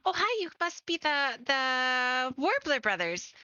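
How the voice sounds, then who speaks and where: A woman's voice: high-pitched, big pitch swings, slow pace, sharp tone, clear, resonant tone, dry recording, muffled recording, pitched above the performer's own voice, heavily acted. A woman voicing an eager young woman who gushes over a touring band and stammers when flustered. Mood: starstruck. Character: eager young woman, sister of a stable hand, starstruck fan.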